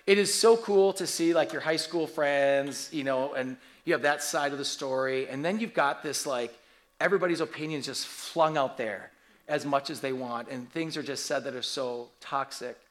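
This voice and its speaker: A man in his forties preaching a sermon, telling stories in an animated, humorous way. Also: medium pitch, normal speed. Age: 40s. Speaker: pastor.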